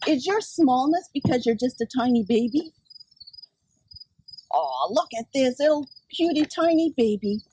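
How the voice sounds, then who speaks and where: A big, vain storybook horse, played by a woman reading aloud talks down to others in a haughty, baby-talking manner. The delivery is slow and fairly high, heard from a distance with a faint outdoor hum. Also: sing-song, warm tone.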